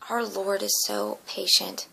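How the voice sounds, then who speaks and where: A woman's voice: medium pitch, flat delivery, measured pace, vocal fry, pushed and bright, breathy edge, low-quality recording. A woman earnestly recounting a dream as a personal testimony, emotional and often dropping into a whisper.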